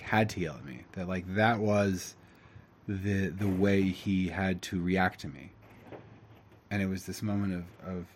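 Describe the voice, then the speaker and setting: Guy giving a chill spiritual talk, kinda low voice, rambly, lots of you know. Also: darkish tone, slightly rough. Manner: rambling, reflective, many fillers. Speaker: host telling a spiritual story.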